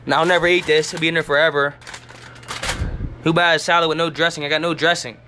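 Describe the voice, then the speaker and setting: Young adult male, a bit high-pitched, hyper and rambling with heavy slang and swearing, filming himself on a handheld camera at home. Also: flat delivery, fast, sharp tone, slight background noise. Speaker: vlogger giving a home tour. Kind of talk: casual rambling home tour. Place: indoors at home.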